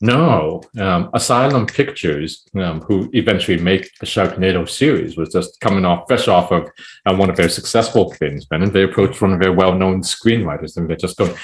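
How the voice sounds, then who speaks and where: A man guesting on a podcast as a poet, talking in a rambling, animated way full of "it's like, you know". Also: low voice, normal speed. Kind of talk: casual podcast chat.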